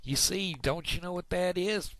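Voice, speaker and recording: A man's voice: moderate pace, a bit bright. A man voicing a jovial, knowing male bank manager in a told joke. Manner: high, exclaiming, know-it-all.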